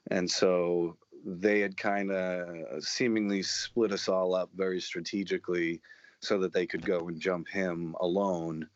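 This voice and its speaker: A man's voice: low-pitched, little pitch movement, measured pace, no echo, dull audio. A man telling rambling, profanity-laced stories in a casual chat. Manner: profane, rambling, matter-of-fact.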